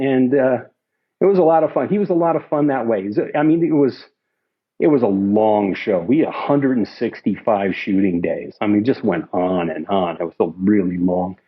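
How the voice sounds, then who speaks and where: Middle-aged man, film crew storyteller; husky, mid-pitched, rambling, on dull lo-fi interview audio. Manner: rambling, lots of restarts and asides. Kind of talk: anecdotal storytelling.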